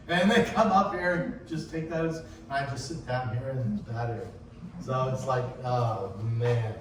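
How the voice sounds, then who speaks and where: A man's voice: mid-range voice, expressive, measured pace. Man teaching sailing in an echoey room. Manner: anecdotal, acts out shouting sailors in quotes. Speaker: sailing instructor. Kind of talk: casual classroom talk on racing rules. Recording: echoey room, distant mic, faint hiss.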